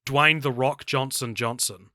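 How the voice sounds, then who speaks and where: A man's voice: mid-range voice, fairly even intonation, measured pace, pushed and bright, dry recording, clean studio sound. A man co-hosting a casual film podcast, chatty and jokey, laughing often. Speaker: podcast co-host.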